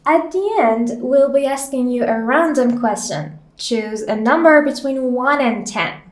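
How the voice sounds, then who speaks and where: A woman's voice: high-pitched, lively intonation, measured pace. A woman from Iran hosting an interview, asking short, upbeat questions. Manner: brief, upbeat prompts. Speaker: host. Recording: echoey room.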